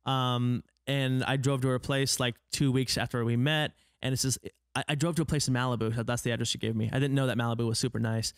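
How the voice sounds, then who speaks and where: A man from Oregon, a podcast guest, telling stories in a casual chat, animated and full of fillers, acting out what people said. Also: mid-range voice, fast, clear, resonant tone, no room sound, studio quality. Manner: animated, many fillers, acts out quoted dialogue.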